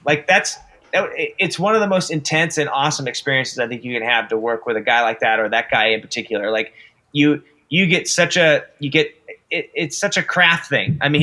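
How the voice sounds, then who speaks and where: A man's voice: mid-range voice, pushed and bright. A man guest on a podcast, a film director in casual interview chat, enthusiastic and swearing often. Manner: enthusiastic, profane, acts out quotes.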